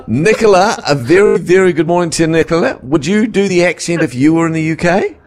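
A man's voice: a little high, lively intonation, fairly quick, darkish tone. A man hosting breakfast radio, teasing his co-host and reading out listener texts. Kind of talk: casual radio banter.

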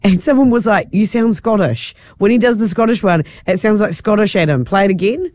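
A woman's voice: mid-range voice, a little fast, a little mellow, no echo. A woman hosting a radio show, chatting casually and laughing with her co-host. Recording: dry studio sound.

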